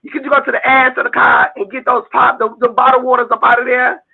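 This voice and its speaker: A man calling into a casual chat, excited and incredulous. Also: extremely high pitch, fast, vocal fry, breathy edge. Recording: tinny phone line.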